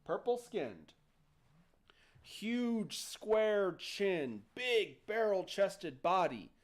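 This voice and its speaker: A man with a high voice hosts a livestream, drawing out his words as he casually retells a story. He's animated and playful, acting out the characters.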